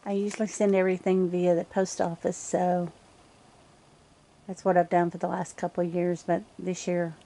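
An older woman from Nova Scotia, Canada, chatting calmly to the camera outdoors on a cold night, cooing sweetly to animals. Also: on the low side, moderate pace, vocal fry. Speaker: wife feeding raccoons at home. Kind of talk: casual chat to camera.

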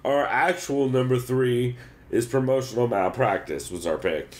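A man's voice: medium pitch, moderate pace. A man co-hosting a casual sports podcast, talking in a loose, profane, rambling way with lots of restarts. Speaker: podcast co-host.

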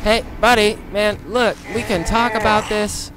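A man with a high voice gives frantic gameplay commentary, begging, cursing and shouting as he tries to escape. Between the chases he talks quietly to his viewers. Loud music plays behind his voice. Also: unhurried. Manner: frantic, pleading and cursing at the killer, shouting in panic; quiet, relaxed asides to viewers. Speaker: gaming channel host.

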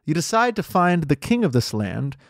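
A young man hosting a comedy podcast, rambling through absurd narration and a mock interview in a deadpan way. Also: fairly high pitch, moderate pace, vocal fry, dry recording, clean studio sound.

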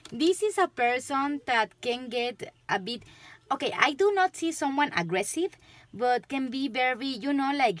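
With a high, fairly bright voice, a woman with a Spanish accent reads tarot to camera, chatting in a loose, rambling manner and laughing often.

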